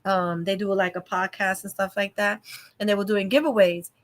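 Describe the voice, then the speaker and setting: A woman hosting a casual livestream chat from home, telling a story in an animated way, exclaiming and laughing as she goes. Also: mid-range voice, normal speed. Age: adult mother of a young child. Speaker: livestream host.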